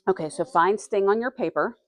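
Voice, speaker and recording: A woman teaching a classroom reading lesson, reading passages aloud slowly and stopping to quiz her students. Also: mid-range voice, no room sound, studio quality.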